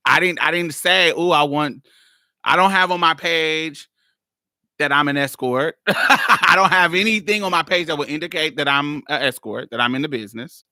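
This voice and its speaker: A woman's voice: low-pitched, moderate pace, pushed and bright, no room sound, studio quality. A woman podcast host telling a story in a blunt, exasperated way, laughing often and swearing freely. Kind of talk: casual storytelling monologue.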